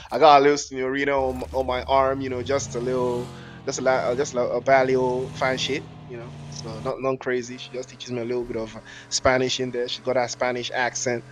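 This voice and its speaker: A man's voice: medium pitch, monotone, a little fast, slight background noise. Jokey slangy male esports caster. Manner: jokey, rambling, slangy, laughs often. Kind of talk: live esports commentary mixed with chat banter.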